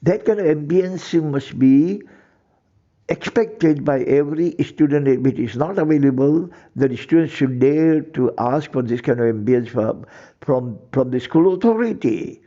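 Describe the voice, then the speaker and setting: A man's voice: a little high, animated, a little slow, dark tone, dull audio. A man lecturing emphatically, repeating phrases and using ornate words. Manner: emphatic, repetitive, ornate vocabulary. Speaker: teacher. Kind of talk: lecture to camera.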